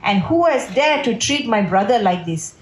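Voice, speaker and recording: Boastful protective elder-brother boy , put on by a woman storyteller, commanding, raised pitch, echoey room. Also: moderate pace, a little mellow, natural voice. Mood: roaring. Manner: roaring, commanding. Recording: roomy echo.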